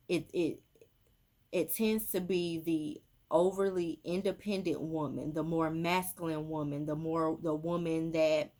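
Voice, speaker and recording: Woman, casual emphatic medium monologue. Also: deep voice. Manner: emphatic, repetitive, with many fillers. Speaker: spiritual medium. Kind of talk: casual social media monologue.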